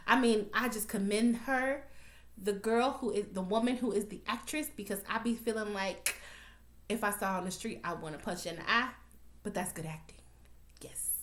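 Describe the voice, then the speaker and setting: A woman recapping a TV episode for her viewers in a blunt, animated, profane rant. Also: medium pitch, moderate pace, echoey room. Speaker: TV recap vlogger.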